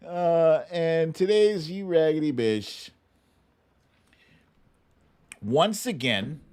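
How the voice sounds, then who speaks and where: A man's voice: on the high side, expressive, slow pace, a little mellow, clean tone. A man hosting a livestream of political commentary, ranting in a profane, sarcastic way. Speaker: host.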